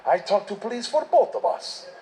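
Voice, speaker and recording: A man voicing a big, burly gangster who stays calm and unfazed, giving flat, matter-of-fact orders. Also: high-pitched, normal speed, creaky, slight background noise, pitched above the performer's own voice, poor audio. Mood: reassuring.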